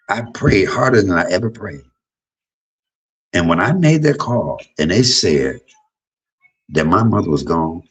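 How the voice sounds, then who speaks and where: A man in his fifties hosting a livestream, talking in a blunt, profane personal monologue that swings between loud outbursts and low murmurs. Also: slightly rough, rough recording. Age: 50s. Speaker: livestream host.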